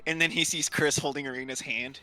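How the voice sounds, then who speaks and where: A man playing a tabletop role-playing game, telling his part with animated storytelling and frequent laughs. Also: mid-range voice, brisk, dry recording. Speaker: player.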